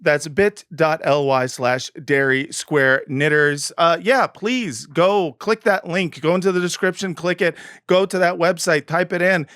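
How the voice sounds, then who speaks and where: A man's voice: a little high, steady tone, measured pace, hardly any pauses, fairly bright tone, no echo, studio quality. A man co-hosting a casual comedy podcast, joking around and rambling with plenty of fillers. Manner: jokey, rambling, lots of fillers. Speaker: podcast co-host.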